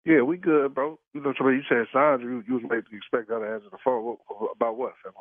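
A man's voice: medium pitch, fairly even intonation, quick pace, no echo. A man on a phone call, talking in a slangy, repetitive and indignant way as the target of a prank call. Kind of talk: heated phone argument. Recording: tinny phone line.

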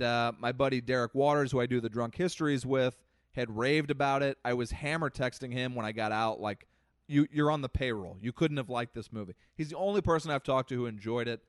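A man co-hosting a podcast, telling a comic story in a lively, animated way that swings between loud and soft. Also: medium pitch, no echo, clean studio sound. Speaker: podcast co-host. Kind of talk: casual chat, comic storytelling.

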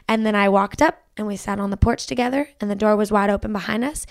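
A woman's voice: medium pitch, fairly even intonation, quick pace, creaky, no echo, studio quality. A young woman, a podcast guest and country singer, talking earnestly about her faith and saying "like" a lot. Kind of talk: casual faith conversation.

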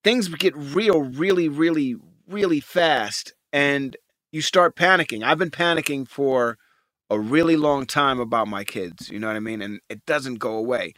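A man's voice: medium pitch, moderate pace, fairly bright tone, dry recording. A man in his forties co-hosting a casual podcast, talking animatedly, swearing freely and acting out what people said. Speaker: co-host.

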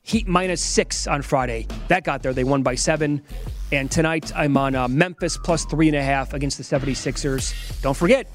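A man's voice: a little high, moderate pace, faint music behind. A man hosting a sports betting show from a casino sportsbook studio, running through his bets in a wry, matter-of-fact way.

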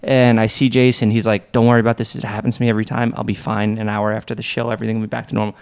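A man's voice: lowish voice, flat delivery, rapid-fire, smooth. A young man co-hosting a podcast, telling stories in a laid-back, casual way and swearing freely. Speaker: podcast co-host. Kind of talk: casual chat.

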